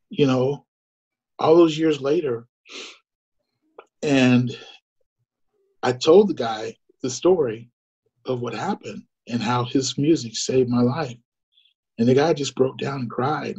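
A man's voice: mid-range voice, darkish tone, slightly rough. A middle-aged man giving an earnest, conversational personal testimony, full of fillers and restarts. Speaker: guest storyteller. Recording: muffled lo-fi recording.

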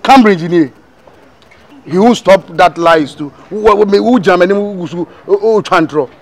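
A man's voice: high-pitched, normal speed, natural voice. A man voicing an exasperated friend who scolds and mocks a liar, with a Ghanaian accent, in a comic cartoon dub. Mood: scolding. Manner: scolding, shouting, mocking.

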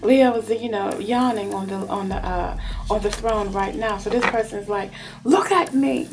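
A woman giving a tarot love reading in an animated, teasing way, often calling the listener baby. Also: medium pitch, normal speed, music in the background. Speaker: tarot reader.

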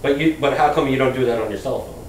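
A man's voice: mid-range voice, fast talker. A man hosting a comedy web show, chatting with a guest in a joking, self-deprecating way. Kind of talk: casual interview chat. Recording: distant roomy mic with faint noise.

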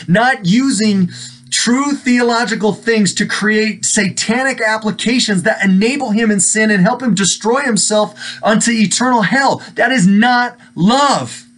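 High-voiced man preaching emphatically. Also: fairly bright tone. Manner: emphatic, pleading, quotes scripture heavily. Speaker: pastor. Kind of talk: devotional sermon.

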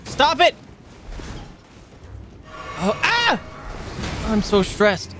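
A woman's voice: on the high side, sing-song, very slow, music in the background. A woman live-streaming a video game, swearing, yelping and chattering to herself and her chat as enemies attack. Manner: swears, yelps and shrieks at enemies, talks to chat. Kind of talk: live gameplay commentary.

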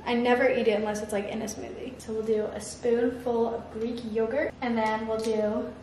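A woman's voice: on the high side, level tone, normal speed, darkish tone. Young woman, vlogger, casual chatty talk, echoey kitchen, faint background hiss. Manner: chatty, talks to camera while cooking. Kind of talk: casual vlog chat. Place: home kitchen.

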